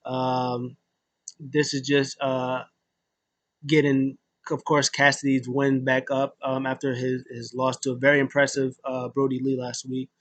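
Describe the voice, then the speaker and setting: A man's voice: medium pitch, completely flat delivery, a little slow. A young man casually recapping a wrestling show, rambling with many fillers and restarts.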